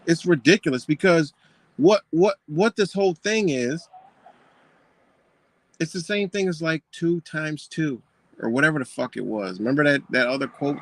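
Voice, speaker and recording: A man's voice: on the high side, expressive, normal speed, a little hiss or hum. A man ranting in a scornful, profane commentary, mocking what he reads and firing off rhetorical questions. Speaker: commentator reacting to a book.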